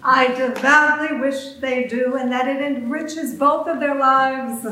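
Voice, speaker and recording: A gushing, sentimental woman, as an actress reads her, wishing a young couple well in a bright, somewhat high voice. She sounds distant from the microphone, and the voice echoes around a large auditorium during this live staged reading. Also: steady tone, unhurried. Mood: earnest. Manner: earnest and gushing.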